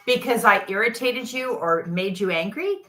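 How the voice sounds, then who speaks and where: A woman's voice: fairly high pitch, animated, normal speed, crowd noise. A woman from Canada, a guest parent coach, speaking in a casual chat with an earnest, forthright manner.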